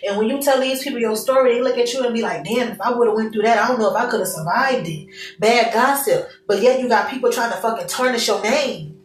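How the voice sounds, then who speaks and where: A woman's voice: a little high, a little fast, roomy sound, recorded from a distance, poor audio. A young woman giving a casual tarot reading to her viewers, candid and emotional, full of slang and swearing. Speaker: tarot reader.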